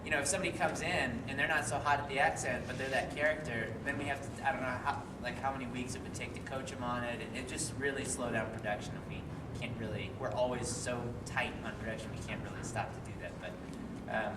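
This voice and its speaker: A man's voice: medium pitch, fairly even intonation, fast talker. A man, a voice actor and director, chatting through a panel Q&A with fillers and laughs. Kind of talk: casual panel Q&A. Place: convention panel room. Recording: echoey hall from far off, noisy.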